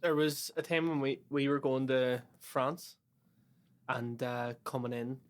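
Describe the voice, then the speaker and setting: A man's voice: mid-range voice, steady tone, a little slow. A man co-hosting a podcast, telling laid-back anecdotes with casual swearing. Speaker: podcast co-host. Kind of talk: casual comedic chat.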